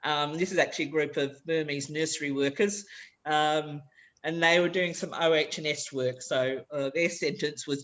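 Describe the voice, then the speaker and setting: A woman's voice: deep voice, level tone, moderate pace, fairly bright tone. A woman presenting a practical teacher-training workshop. She demonstrates example sentences aloud as she explains.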